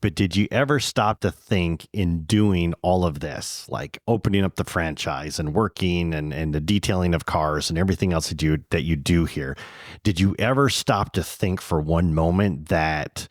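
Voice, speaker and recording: A male podcast host with a very deep voice asks long questions in a casual interview. He encourages his guest with short affirmations. The recording is dry and close. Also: normal speed, no room sound.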